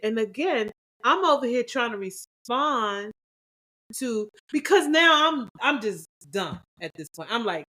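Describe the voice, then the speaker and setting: A woman co-hosting a couples podcast, chatting casually and acting out past conversations with lively swings in her voice. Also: unhurried. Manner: animated, acts out quoted dialogue with big pitch jumps. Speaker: podcast co-host.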